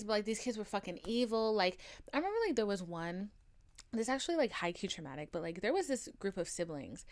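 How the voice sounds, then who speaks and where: A young woman hosts her own podcast and talks through a personal story in a loose, conversational way, scattering "like" through almost every sentence. Her voice carries a Valley girl sound edged with a Southern twang, and she swears casually. Her pitch sits in a normal middle range for a woman. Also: smooth. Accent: American, Valley girl with Southern twang. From United States and Haiti. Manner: chatty, frequent "like" fillers, swears casually. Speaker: podcast host.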